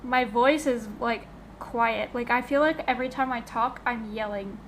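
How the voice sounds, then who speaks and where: A woman co-hosting a casual podcast chat over a call, talking loudly into her desk microphone in an animated way. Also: fairly high pitch, moderate pace. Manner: loud, near-yelling into the mic, animated. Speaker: podcast co-host. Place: home.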